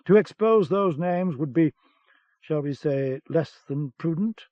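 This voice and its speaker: Young British officer, cool and measured, faintly superior, dry muffled sound, read by a man. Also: fairly high pitch, expressive, no room sound. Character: young, prim British intelligence captain. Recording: dull cassette-era audiobook sound.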